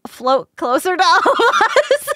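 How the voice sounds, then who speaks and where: A young woman streamer telling a story in a casual chat, animated and breaking into laughter. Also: sits high, no echo, studio quality.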